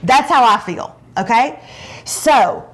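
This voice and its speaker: A middle-aged woman hosting a casual chat show and telling stories, acting out quotes with big jumps in pitch. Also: animated, takes it slowly, a bit bright. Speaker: show host.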